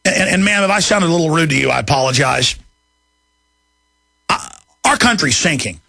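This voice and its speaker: A man, hosting a talk radio show in an angry, emphatic rant that climbs into shouting. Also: a little high, expressive, normal speed, vocal fry, dry recording, studio quality. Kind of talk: ranting talk radio monologue.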